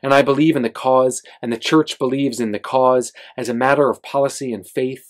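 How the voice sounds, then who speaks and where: A man reading aloud as a young priest who refuses gently but firmly, at a bookstore reading. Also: mid-range voice, fairly even intonation, a little fast, natural voice. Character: young male priest, compassionate but firm.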